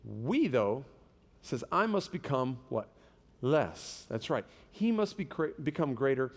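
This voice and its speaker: A man, a pastor, preaching a sermon with animated, humorous storytelling. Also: mid-range voice, a little slow, long reverb tail.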